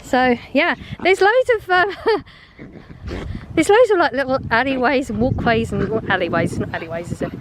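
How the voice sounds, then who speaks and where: A woman chats away to her handheld phone as she walks her dogs outdoors, her voice sitting slightly high. She rambles, laughs often and sounds a bit out of breath. Faint outdoor noise runs underneath. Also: lively intonation, normal speed. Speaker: vlogger. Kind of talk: rambling chatty vlog on a dog walk. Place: outdoors on a walk.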